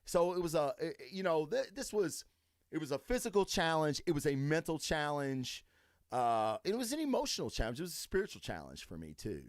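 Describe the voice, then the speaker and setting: A man hosting a solo podcast in a casual, profane rant that swings from low mutters to loud, high, emphatic bursts. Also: sing-song, a little fast, no room sound, studio quality. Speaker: podcast host.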